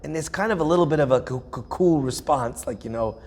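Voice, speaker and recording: Man, rabbi, husky voice, lively storytelling sermon. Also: on the high side, quick pace. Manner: vivid storytelling, acting out quoted dialogue. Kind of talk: storytelling Torah talk.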